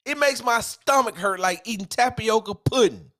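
A man's voice: sits high, normal speed, fairly bright tone. A man hosting a solo sports podcast, ranting in a heated, emphatic way with casual slang.

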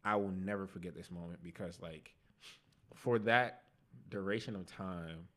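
A young man on a podcast, telling his life testimony in casual slang, animated and laughing at himself. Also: low-pitched, unhurried. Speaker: podcast guest.

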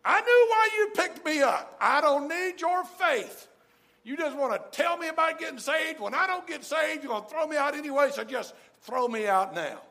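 A man voicing a bitter, defensive homeless man who shouts suspiciously during a retold story in a sermon. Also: sits high, expressive, racing, few pauses. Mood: angry.

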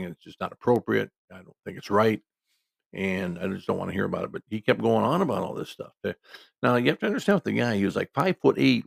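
Older man, 60s, very gravelly low voice, casual digressive storyteller, dry close sound. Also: no room sound. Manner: emphatic, conversational, digressive.

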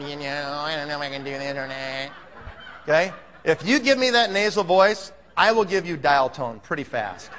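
High bright-voiced man in a big hall. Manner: pumped up, emphatic, lots of rhetorical questions. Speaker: motivational speaker. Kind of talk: motivational talk to a live audience. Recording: long hall reverb.

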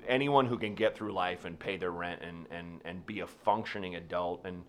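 Rambling lower-voiced man telling stories. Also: normal speed. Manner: rambling, animated storytelling with restarts. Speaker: comedian guest. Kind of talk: casual podcast chat.

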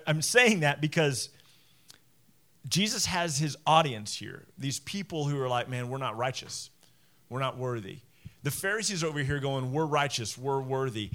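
A man preaching a sermon as pastor, talking in a conversational way, acting out quotes with lively swings and restarting his phrases. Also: a little high.

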